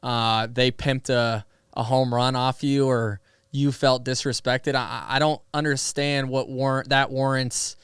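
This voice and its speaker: A young man and podcast guest telling stories in a casual, animated way, laughing often and using many fillers. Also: medium pitch, measured pace, clear, resonant tone, no room sound, studio quality. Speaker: podcast guest, pro athlete. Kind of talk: casual storytelling conversation.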